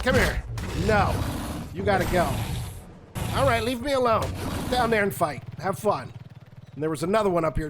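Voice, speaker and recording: A man giving animated, exasperated commentary while he plays a survival game, often talking straight to the game itself. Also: high voice, a little hiss or hum. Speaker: gaming YouTuber.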